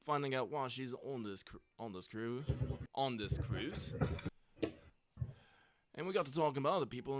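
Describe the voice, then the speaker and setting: A man's voice: medium pitch, clear, resonant tone, no room sound, natural voice. A man voicing an easygoing male adventurer who talks in a hesitant, rambling way.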